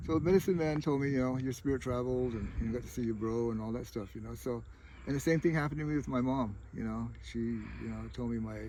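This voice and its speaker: A middle-aged man tells his stories outdoors in a loose, rambling way, with "you know" in nearly every sentence. His pitch sits in the ordinary middle range. A faint hum of outdoor ambience and passing traffic runs underneath. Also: a little mellow, rough recording. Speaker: tribal chair candidate. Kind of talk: casual storytelling interview.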